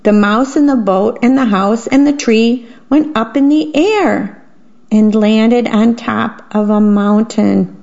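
A woman volunteer broadcaster reading children's bedtime stories aloud, gently, stopping to describe the pictures. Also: fairly high pitch, slow, creaky. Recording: dull lo-fi radio broadcast.

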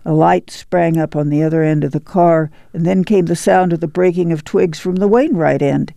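Male audiobook narrator, measured and gravelly, somewhat higher pitch, dry. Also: fairly even intonation, dark tone, no room sound. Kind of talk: scripted narration.

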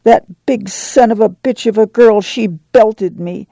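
Guy doing a crying scrappy little country girl, pitched up, gravelly, mellow. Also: unhurried, no echo, heavily acted. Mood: tearful. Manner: crying, rough rural dialect. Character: tearful fierce little girl.

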